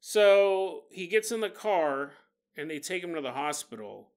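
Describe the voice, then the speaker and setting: A man's voice: on the high side, expressive, a little slow. A male podcast host telling a story in a casual monologue, joking and laughing at his own asides and acting out the people in it.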